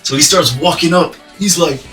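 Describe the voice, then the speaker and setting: A man vlogging a storytime, animated and profane, laughing as he tells it. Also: fairly high pitch, normal speed, music in the background. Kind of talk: storytime vlog.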